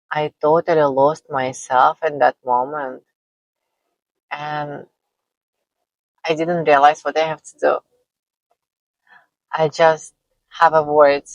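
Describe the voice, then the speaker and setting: Slow, gravelly-voiced woman, non-native English. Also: low voice, no echo, poor audio. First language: not English. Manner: laughs often between phrases. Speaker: vlogger. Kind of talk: personal storytelling.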